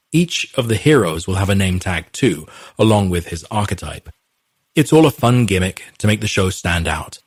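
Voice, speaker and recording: A man narrating a first-person romance audiobook in a measured, intimate storytelling manner. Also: sits low, breathy edge, dry recording, clean studio sound.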